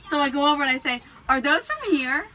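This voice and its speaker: A New Jersey woman co-hosts a casual chat show as a podcast co-host, telling stories animatedly, voicing the people she quotes, and laughing often. Her voice is high, quick, and sharp, captured in a low-quality recording with slight background noise.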